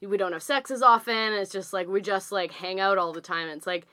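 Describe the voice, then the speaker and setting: A woman's voice: mid-range voice, a little fast, bright, forceful tone, dry recording, studio quality. A woman co-hosting a podcast, telling stories in a rambling way with lots of fillers. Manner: rambling, filler-heavy storytelling. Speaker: podcast co-host. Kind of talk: casual chat.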